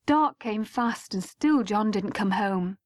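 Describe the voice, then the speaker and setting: A woman reading a first-person story aloud as an audiobook, measured and at times hushed. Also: mid-range voice, lively intonation, no echo, clean studio sound. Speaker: audiobook narrator.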